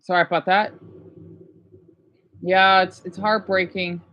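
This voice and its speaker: A man's voice: high-pitched, little pitch movement, slow. Chatty man in his thirties, rambling. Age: 30s. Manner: rambling, chatty, self-correcting. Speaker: vlogger. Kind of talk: casual chat commentary. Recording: dull, lo-fi recording.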